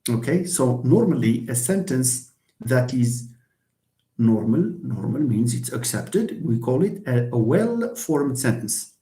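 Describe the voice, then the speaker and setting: A man's voice: mid-range voice, sing-song, slow pace, warm tone, roomy sound. A man lecturing on linguistics in an online question-and-answer session, explaining patiently and repeating points. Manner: explanatory, repeats himself, mixes in Arabic phrases. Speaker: university English lecturer.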